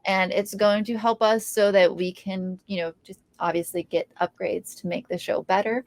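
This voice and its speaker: A woman's voice: mid-range voice, steady tone, normal speed, dry recording. Enthusiastic woman podcast co-host. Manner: enthusiastic, talks promos steadily. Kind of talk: casual podcast chat.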